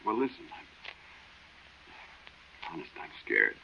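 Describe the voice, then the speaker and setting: An actor playing a man who recalls a spooky night in the desert, telling it in slow, earnest narration for an old radio drama. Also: lo-fi sound, a little hiss or hum, natural voice. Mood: scared. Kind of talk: 1940s radio acting.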